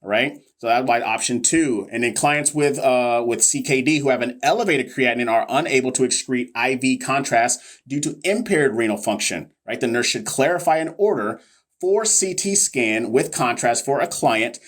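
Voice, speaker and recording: A man's voice: mid-range voice, moderate pace. A man hosting a live nursing exam review, joking with viewers and reading questions casually. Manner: playful, joking, talks straight to viewers. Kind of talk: casual livestream teaching.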